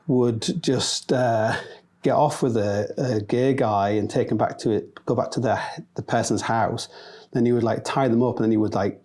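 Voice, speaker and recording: A man's voice: mid-range voice, warm tone. A man from England telling a casual, rambling anecdote full of fillers and restarts. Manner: rambling, many fillers and restarts, laughs often. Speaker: storyteller.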